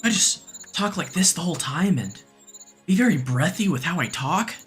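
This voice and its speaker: A breathy, soft-spoken young e-boy, talking in a slow, airy drawl that sits a little higher than a normal speaking voice, as a man puts it on for a laugh. It comes across as mockery, with gentle music faint in the background. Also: big pitch swings, heavily acted. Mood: mocking. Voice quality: breathy, drawn-out.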